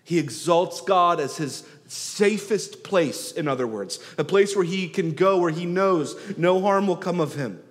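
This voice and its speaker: A man preaching a sermon, rising loud on key phrases and dropping soft and slow to draw them out. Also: sits high, lively intonation. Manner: swells and drops in loudness for emphasis, slows on key words. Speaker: pastor. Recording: long hall reverb.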